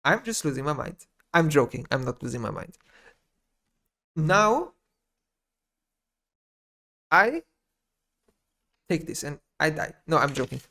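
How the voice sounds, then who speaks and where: Swearing bluntly in non-native English, a gaming YouTuber rants in a vlog monologue, repeating phrases and shifting between muttering and loud bursts. His gravelly voice sits on the high side with a sing-song lilt, and he speaks slowly, leaving long pauses.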